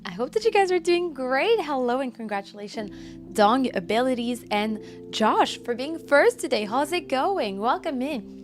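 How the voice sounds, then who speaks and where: A woman's voice: sits high, animated, moderate pace. A woman game streamer chatting live with her viewers, bubbly and effusive as she greets them. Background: background music.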